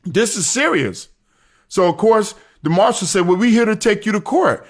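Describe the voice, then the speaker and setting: A man with a high voice tells his story in a casual way. He is earnest and keeps repeating his main points for emphasis. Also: a little fast. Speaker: storyteller recounting his arrest.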